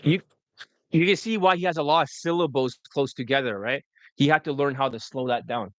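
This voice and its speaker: A man's voice: mid-range voice, brisk, dry recording. A man working as a dating coach, talking loosely and profanely through a screen recording, full of fillers. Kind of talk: casual commentary over a screen recording.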